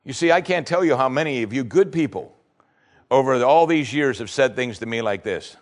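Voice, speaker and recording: A man's voice: medium pitch, lively intonation, normal speed. A male pastor preaching a sermon, reading scripture and pressing points with rising, emphatic questions.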